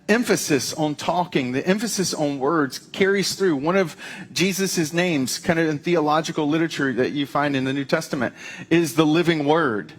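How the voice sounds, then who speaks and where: Male pastor, sermon, casual and animated delivery, voice a bit on the high side. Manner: conversational, animated, with playful asides.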